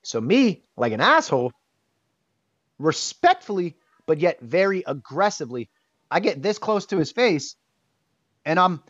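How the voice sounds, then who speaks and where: A man being interviewed, telling a personal story in a candid, animated way and swearing casually. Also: on the high side, unhurried, long pauses, no room sound. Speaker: interview guest. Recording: dull, dry sound.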